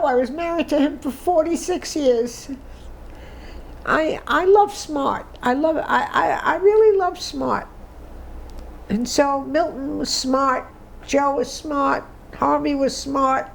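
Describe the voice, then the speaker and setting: A woman's voice: sits high, takes it slowly, gravelly, slight background noise, low-quality recording. A woman in her nineties giving an oral history interview, emotional and tearful, reminiscing with restarts. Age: 90s. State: crying.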